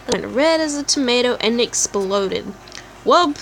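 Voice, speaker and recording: A woman's voice: a little high, lively intonation, normal speed. A woman playing a story game, reading its text aloud and chatting with giggly side comments. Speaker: let's play gamer.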